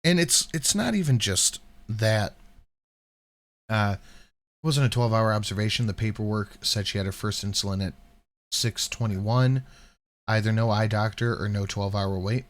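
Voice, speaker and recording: A man's voice: on the low side, moderate pace. A man hosting a reaction commentary, sarcastic and skeptical. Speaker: commentary host.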